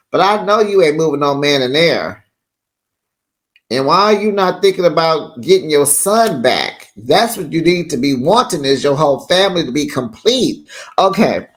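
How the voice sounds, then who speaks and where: A reality TV recap host giving casual, sassy commentary in a chatty way, acting out quotes. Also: medium pitch.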